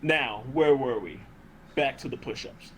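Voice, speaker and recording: A man putting on the voice of a stern army general who gives slow, menacing orders, on a noisy voice call. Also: medium pitch, close to an everyday voice.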